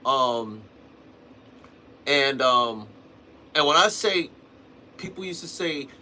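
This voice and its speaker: A man with a mid-range, sharp-toned voice hosts a drumming livestream, speaking slowly with lively intonation and frequent pauses. He talks casually and rambles, restarting sentences and adding "man" and "you know." Slight background noise can be heard.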